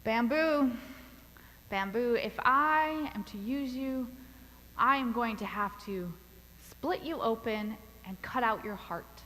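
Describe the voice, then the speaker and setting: A woman voicing a gentle but firm master gardener in a sermon parable, speaking slowly and sorrowfully. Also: on the high side, in a large hall, low-quality recording. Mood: solemn.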